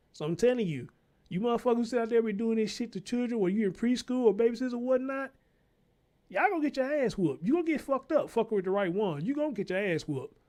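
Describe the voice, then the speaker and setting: A man's voice: high voice, warm tone. A man hosting his own show, giving heated, profane commentary on news clips and calling out to his listeners like a preacher. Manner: profane, fired-up, preacher-like call-outs. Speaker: show host.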